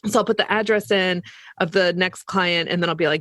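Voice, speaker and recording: A woman's voice: fairly low pitch, steady tone, brisk, fairly bright tone, no room sound. Lactation consultant lady telling stories on a podcast, casual chatty, dry mic. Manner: chatty anecdotal storytelling.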